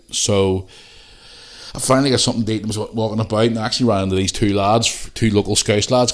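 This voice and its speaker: Low-voiced Northern Irish man. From Northern Ireland. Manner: rambling, sweary, addresses listeners as guys. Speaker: podcast host. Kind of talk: casual storytelling chat.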